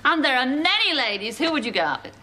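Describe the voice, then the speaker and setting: A woman's voice: high-pitched, very animated, fast talker. A woman with a Liverpool accent hosting a studio dating show, teasing and laughing often. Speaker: game show host. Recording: noisy TV studio with loud audience. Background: studio audience.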